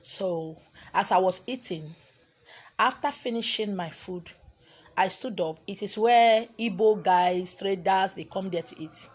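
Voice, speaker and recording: A woman with a Nigerian accent telling a story in an animated way, slipping into Igbo and pidgin. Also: mid-range voice, a little slow, slightly rough. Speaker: spiritual teacher. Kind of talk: storytelling talk.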